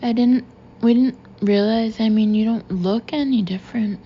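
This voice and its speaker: A woman's voice: on the high side, fairly even intonation, moderate pace, highs cut off, slight background noise, lightly acted. A woman voicing an awkward, apologetic young female coworker in an audiobook.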